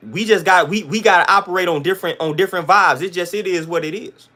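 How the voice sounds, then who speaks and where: With a sharp tone and a voice that sits high, the livestream host speaks fast as he rants to his chat. His delivery is emphatic, blunt, loaded with slang, and keeps circling back to the same points.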